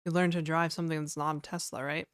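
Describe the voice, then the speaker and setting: A woman's voice: deep voice, level tone, fast, clean tone, no room sound, studio quality. A young woman live-coding on a stream, chatting casually and wryly with viewers and answering their comments. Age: young adult. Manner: offhand and wry, talking straight to viewers.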